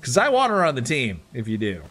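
A man casually chatting while playing a video game with friends, excitable and quick to yelp and laugh at the action. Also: mid-range voice. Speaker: gamer streaming with friends. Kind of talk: casual let's-play chat.

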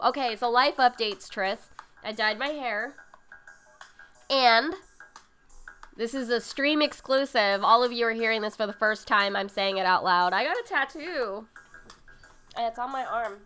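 Woman host of a home cooking stream; casual and rambly, reads chat aloud, with a smooth, clear voice. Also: a little high, bright, forceful tone. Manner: chatty and rambling, with frequent fillers. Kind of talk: casual chat reading viewer comments. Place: home livestream setup.

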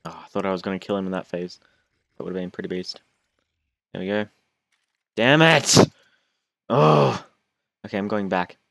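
A young gaming YouTuber chats fast over his gameplay in a low, completely flat voice, broken by long pauses. He jokes, whines, and mocks himself, and there is no room sound.

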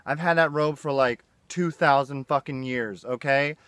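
A man's voice: medium pitch, moderate pace, fairly bright tone, no room sound, lightly acted. A man playing a foul-mouthed, aggrieved Jesus in a comedy sketch. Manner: brash, aggrieved, swearing. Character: casual foul-mouthed Jesus, robbed at the beach.

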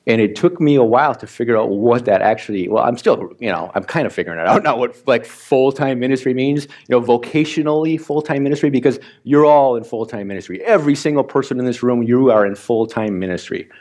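A man, a pastor from Wisconsin, preaching a chatty, animated sermon in which he acts out his own reactions. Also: mid-range voice, fairly quick. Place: church sanctuary.

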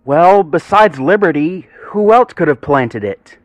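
A man's voice: on the high side, lively intonation, measured pace, no echo, faint music behind, voice pushed up. A man voicing a worried, puzzled male dog who keeps asking questions.

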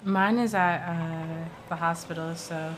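A woman's voice: lowish voice, steady tone, unhurried, noisy background. A woman streaming a game roleplay, chatting casually with plenty of fillers. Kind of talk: casual gaming stream chat.

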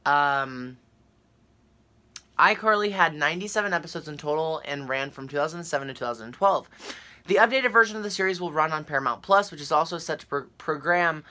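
A young woman chatting casually to her viewers and reading a news article aloud, excitable and full of fillers. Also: low voice, a little fast. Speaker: vlogger.

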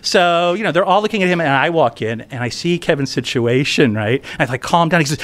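A man's voice: on the high side, lively intonation, a little fast, hardly any pauses, a bit bright. A man telling a funny personal story at a live event, chatty and conversational, often asking "right?". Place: event venue indoors.

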